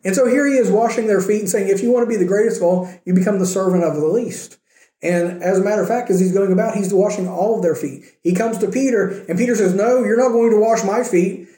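Guy preaching a chatty sermon, kinda high voice, echoey church room. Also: quick pace, warm tone. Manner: conversational preaching, acting out quoted lines. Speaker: pastor.

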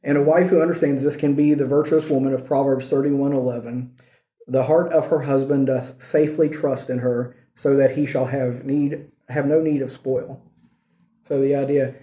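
Male Bible class teacher, mellow voice, echoey room, asks the class questions. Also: mid-range voice, fairly even intonation, moderate pace. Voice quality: says he has trouble with R's. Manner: asks the class questions, frequent "okay" and "right". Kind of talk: church class teaching on marriage.

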